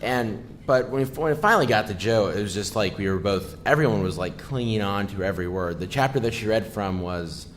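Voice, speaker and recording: A man's voice: on the low side, brisk, few pauses, slight background noise. A tired man recounting an event casually, a little hesitant. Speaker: podcast guest. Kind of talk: casual recap.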